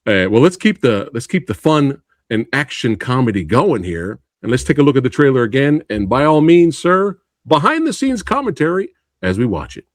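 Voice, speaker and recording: Lively, excitable male podcast host. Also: medium pitch, normal speed, few pauses, dry recording, studio quality. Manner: excitable, laughs often, calls guest bro and dude. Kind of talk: casual interview chat.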